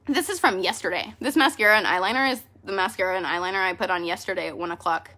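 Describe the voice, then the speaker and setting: Woman, sales team leader, casual vlog, tearful, self-mocking, bright voice. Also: medium pitch, fast, hardly any pauses. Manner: emotional, self-deprecating, laughing through tears. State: tearful, choking up.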